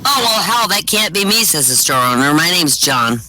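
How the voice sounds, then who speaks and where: A man doing stand-up, telling one-liners and short jokes with deadpan punchlines over voice chat. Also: fairly high pitch, normal speed, crowd noise, rough recording. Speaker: stand-up comic. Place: virtual-world comedy venue, voice chat.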